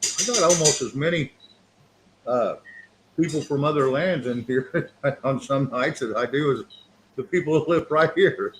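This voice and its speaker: A male livestream host with a mid-pitched voice who rambles easily as he brings callers on. A faint hum of noise sits under the recording. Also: a little slow. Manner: rambling, friendly and welcoming to guests. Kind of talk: casual chat.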